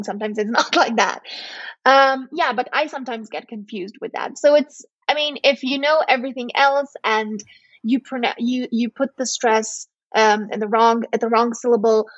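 A woman's voice: fairly high pitch, no echo, lo-fi sound. A young woman from southern Serbia with a Serbian accent, a native Serbian speaker, talking as a podcast guest in a hesitant way with many fillers and restarts. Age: young adult. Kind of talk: casual chat.

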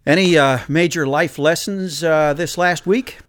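A man's voice: on the high side, unhurried, a bit bright, no room sound. A man in his sixties hosting a podcast, telling stories in a chatty, rambling way with many fillers. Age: 60s. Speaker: podcast host. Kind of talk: casual podcast chat and storytelling.

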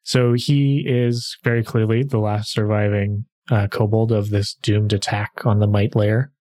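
Measured and darkish in tone, this man's lowish voice shows little pitch movement. He hosts a podcast and acts as game master, relaxed and full of filler sounds, alternating between casual chat and narrating the tabletop game.

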